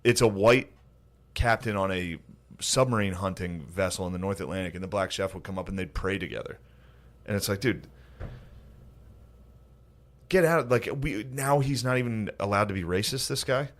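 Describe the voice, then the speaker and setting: A man's voice: low voice, fairly quick. A man hosting a casual comedy podcast, rambling with lots of "like" and "dude". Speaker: podcast host.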